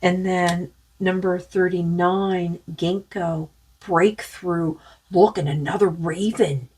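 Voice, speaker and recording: A woman with a husky, somewhat low voice talks through a spiritual card reading. She muses and rambles with lots of fillers, and her voice is starting to go. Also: steady tone, slow pace, a little mellow. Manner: rambling, musing, many fillers. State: losing her voice. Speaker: tarot card reader.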